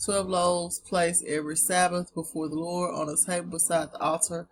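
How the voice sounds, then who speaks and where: A woman's voice: fairly low pitch, level tone, normal speed, slight background noise. A woman with a Southern US accent, reading dictionary entries aloud to her viewers and breaking off for chatty asides. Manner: chatty, talks straight to viewers as "y'all". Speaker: online Bible etymology presenter.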